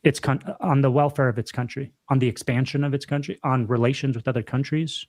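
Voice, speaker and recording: A man's voice: medium pitch, fairly even intonation, fast talker, darkish tone. A young man co-hosting a podcast in casual chat, talking emphatically, repeating himself and calling his friend dude and bro. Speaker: podcast co-host.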